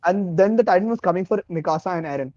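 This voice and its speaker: A man co-hosting a casual podcast, earnestly explaining anime plot points. His voice is high with a mellow tone. It comes through a dull, dry, lo-fi mic. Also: fast talker, no echo. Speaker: podcast co-host.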